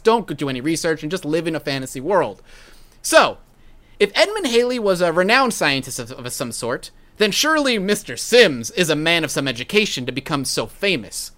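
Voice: mid-range voice, fairly bright tone. A podcast host telling a history story in casual chat, with a sarcastic, mocking manner.

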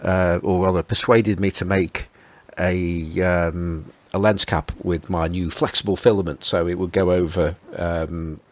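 Low-voiced hesitant man hosting. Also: steady tone, measured pace, hardly any pauses, dry recording. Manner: hesitant, many fillers and restarts. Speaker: podcast host. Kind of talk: casual group chat.

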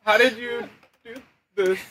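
A man's voice: very high-pitched, steady tone, unhurried. A man joining a podcast by video call, stunned and stammering. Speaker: surprised guest. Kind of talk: casual chat on a video call. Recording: loud noisy video call line.

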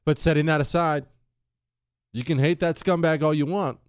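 A man's voice: a little high, steady tone, normal speed, clean tone, no room sound, studio quality. Brash sarcastic male radio host. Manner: brash, sarcastic, mocking impressions. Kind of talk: opinionated radio talk.

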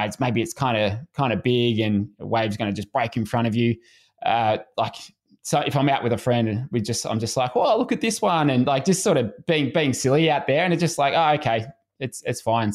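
A man, a swimming coach speaking as a podcast guest in an easygoing, casual way. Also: mid-range voice. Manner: relaxed, easygoing, frequent restarts.

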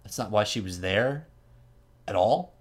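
A man with a slightly low voice tells a story in a loose, chatty way. He keeps it animated, with plenty of "like" and quick asides. It sounds like an easygoing host recounting events to a friend. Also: husky. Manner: animated retelling with frequent "like" and asides. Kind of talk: casual storytelling chat.

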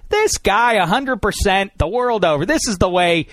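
A man hosting a casual sports talk show from a studio, joking and mocking himself, his voice rising and falling in loudness. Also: high-pitched, expressive, normal speed, dry recording. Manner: jokey, self-mocking, swings between loud and quiet. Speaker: podcast host.

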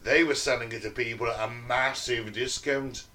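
A man co-hosting a casual chat podcast, reading research notes aloud and breaking off for jokey, sweary asides. His voice sits at a middling pitch and comes across a little distant from the mic. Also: steady tone, moderate pace, bright, forceful tone, a little hiss or hum. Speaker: podcast co-host.

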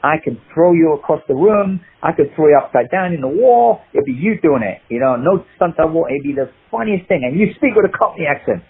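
Older man, husky voice, phone-like thin sound, lively anecdote teller, quotes dialogue. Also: a little high, fairly quick, few pauses. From United Kingdom. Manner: animated, quotes people in dialogue, laughs at his own stories. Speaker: guest, martial artist and actor. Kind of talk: anecdotal storytelling in an interview. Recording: husky voice over a tinny phone-like line.

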